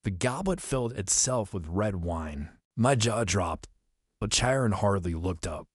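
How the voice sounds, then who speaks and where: Low-voiced man reading an audiobook. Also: sing-song, unhurried, no room sound, clean studio sound. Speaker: audiobook narrator.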